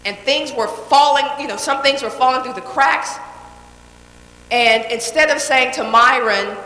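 With a high-pitched, sharp voice at a measured pace, a woman delivers a motivational talk to people gathered live. Her style is emphatic and direct, with repeated key phrases and check-ins with the crowd, and the hall around her echoes with long reverb.

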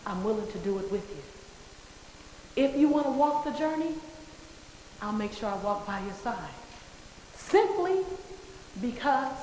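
Slow, emphatic woman speaking in a hall. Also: mid-range voice, darkish tone, slight background noise. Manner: emphatic, repeats phrases for effect. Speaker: motivational speaker. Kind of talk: motivational speech to an audience. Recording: echoey hall with long reverb.

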